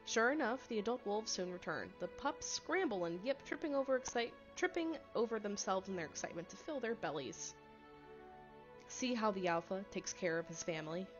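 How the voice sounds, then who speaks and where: A woman's voice: medium pitch, lively intonation, moderate pace. A woman plays through a story game on stream, reading narration aloud and breaking off for wry, joking remarks and chat messages. Her audio is a bit dull and lo-fi, with faint music running underneath. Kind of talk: casual commentary with reading aloud.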